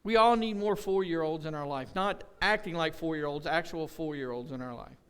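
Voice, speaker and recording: At a church service, a pastor with a high, clear voice gives a casual, conversational sermon, joking and telling folksy stories with acted-out quotes. He talks briskly with a fairly bright tone.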